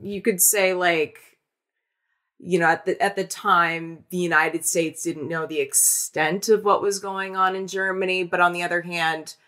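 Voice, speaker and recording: A woman co-hosting a podcast, chatting casually about a film in an animated, rambling way full of restarts. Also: fairly low pitch, measured pace. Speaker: podcast co-host. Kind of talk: casual film-review chat.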